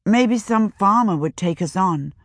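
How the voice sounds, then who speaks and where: A woman's voice: mid-range voice, lively intonation, measured pace, no room sound, pitched above the performer's own voice. A woman reading as a fierce, proud farm woman. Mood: fierce, earnest. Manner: sharp and demanding.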